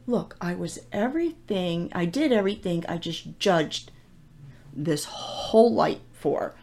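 A woman's voice: on the low side, lively intonation, a little slow, darkish tone. A middle-aged woman chatting through her solo podcast from her home office mic, a self-mocking storyteller. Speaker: podcast host. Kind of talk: casual solo podcast monologue. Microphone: desk podcast microphone.

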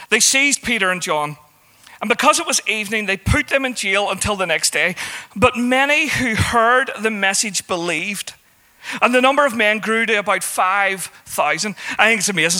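A man's voice: high-pitched, sharp tone. A man preaching a sermon in a conversational way, rising into emphatic calls to his listeners.

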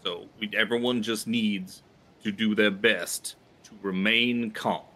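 A man playing a grandiose male author giving a formal speech to calm a crowd in a tabletop game. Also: fairly low pitch, measured pace.

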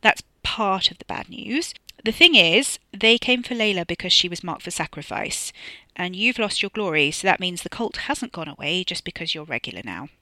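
A narrator voicing a forceful, bossy young woman in an audiobook, speaking loudly and emphatically. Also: expressive, normal speed, no echo. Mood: matter-of-fact. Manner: loud and emphatic, raised pitch. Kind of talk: audiobook character voice.

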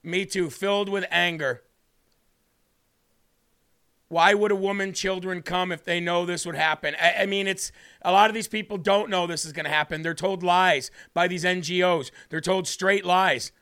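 Fired up dude hosting a live political stream, pretty high pitched, says stuff twice. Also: male voice, steady tone, moderate pace, bright, forceful tone, clear, resonant tone. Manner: fiery, indignant, repetitive; reads live chat aloud. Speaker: talk show host.

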